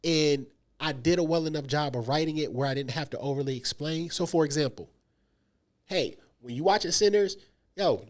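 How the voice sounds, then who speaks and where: A man talks through a movie in a casual review chat. His voice sits a little high for a man. He is animated and emphatic, and often acts out quick quotes. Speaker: podcast co-host.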